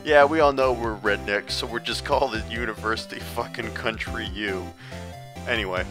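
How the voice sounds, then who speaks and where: A man's voice: on the low side, moderate pace. A man giving casual, wry gameplay commentary between read lines, over game music. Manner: wry and sarcastic asides. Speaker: let's play host.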